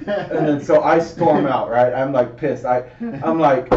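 A man's voice: medium pitch, moderate pace, noisy background. Profane storytelling man, roomy mic. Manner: animated, profane, acts out quotes. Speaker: podcast co-host. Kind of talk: casual storytelling chat. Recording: roomy, distant, dull lo-fi mic.

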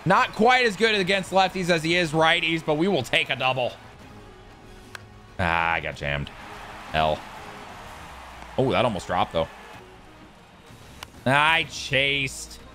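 Excitable man with a lively, bright voice. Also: mid-range voice, slow, pauses often, soft background music. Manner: excitable, swears, yells at big plays. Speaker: gaming YouTuber. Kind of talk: live gameplay commentary.

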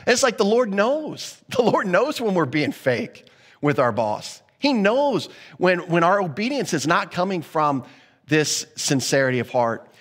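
Pastor, male, higher-pitched voice, earnest and chatty delivery, long church reverb. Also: very animated, measured pace. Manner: earnest, conversational preaching with repeated restarts. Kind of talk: sermon.

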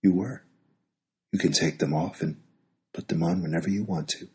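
A man voicing a calm female psychotherapist who speaks in a matter-of-fact way. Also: low-pitched, moderate pace, slightly rough.

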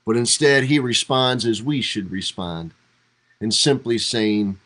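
A man's voice: medium pitch, a little slow, fairly bright tone, poor audio. A man teaching a devotional Bible study as a pastor, talking conversationally and acting out quoted lines with rising emphasis. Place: church livestream.

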